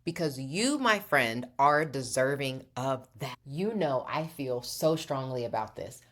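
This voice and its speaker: A woman's voice: rumbling low, animated, a little slow. A woman hosting a motivational show who talks in a playful, theatrical way, calls the listener darling and laughs often. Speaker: podcast host. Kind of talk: upbeat motivational talk.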